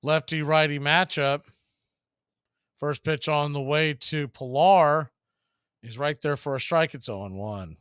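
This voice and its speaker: A man calling live baseball play-by-play on the radio, brisk and rooting for the home team. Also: a bit bright, smooth, no room sound, studio quality. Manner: partisan home-team calls, brisk pitch-by-pitch delivery.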